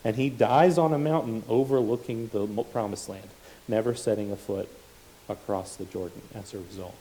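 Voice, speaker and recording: A man's voice: on the low side, normal speed, dark tone, slight background noise, poor audio. A man preaching a sermon, reading scripture and explaining it with casual asides and self-corrections.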